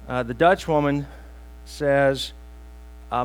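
A man preaching a sermon, telling a joke with slow pauses and plain asides to the congregation. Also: mid-range voice, low-quality recording. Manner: storytelling with pauses, self-deprecating asides. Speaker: pastor.

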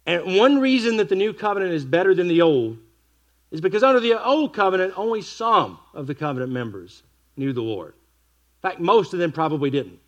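A man preaching an expository sermon, reading scripture slowly and with weight, with wry asides to the congregation. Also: high voice, very animated, lo-fi sound.

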